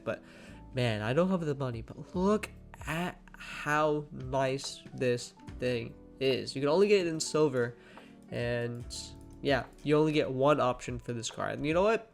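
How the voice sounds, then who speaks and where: Young man, gaming commentary, rambling, chatty, fillers, slightly sleepy, middle pitch, faint music behind. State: sleepy, yawning. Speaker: gaming channel host. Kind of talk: casual gameplay commentary.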